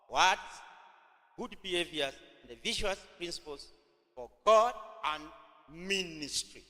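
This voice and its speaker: A Kenyan man teaches from the pulpit with a high, forceful voice, dictating each point slowly and saying it again and again so listeners can write it down. His words ring out with a long reverb in a large hall. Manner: repeats phrases slowly for note-taking, mixes in Swahili. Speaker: preacher teaching at a youth camp. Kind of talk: teaching sermon dictated as notes.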